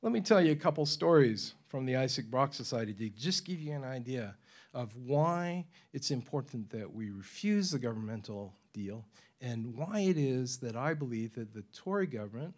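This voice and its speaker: A man giving a talk to a forum audience in a university lecture room. He tells his stories with energy and chuckles between points. His pitch sits at an ordinary middle level for a man. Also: moderate pace. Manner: animated storyteller, acts out quoted voices, laughs often. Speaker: forum speaker.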